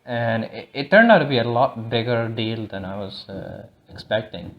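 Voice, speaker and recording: A man's voice: mid-range voice, moderate pace, dull audio. Rambling, swearing male podcast host. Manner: rambling, profane, restarts often. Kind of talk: casual solo podcast monologue. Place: lives in India.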